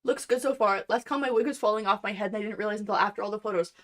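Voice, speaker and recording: A woman's voice: medium pitch, racing, a bit bright. A young woman chatting casually on a livestream while she crafts at home, playful and self-deprecating. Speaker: cosplay streamer.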